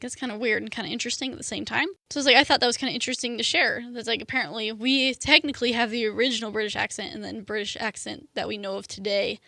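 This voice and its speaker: A woman's voice: on the high side, sharp tone, no echo, clean studio sound. Chatty young woman student radio DJ. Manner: chatty, lots of "like" and "um". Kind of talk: casual radio show chat.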